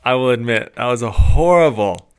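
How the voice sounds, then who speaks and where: A man's voice: mid-range voice, lively intonation, normal speed, over loud music. A man co-hosting a podcast, chatting casually in a talkative, rambling way. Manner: talkative, rambling, with many fillers and restarts. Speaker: podcast co-host. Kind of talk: casual chat.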